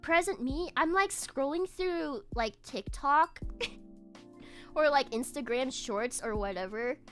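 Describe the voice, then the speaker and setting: A young woman virtual streamer tells a casual story while drawing, with soft music in the background. Her voice is high-pitched, animated and fairly bright, her pace slow, and she giggles often and restarts her phrases.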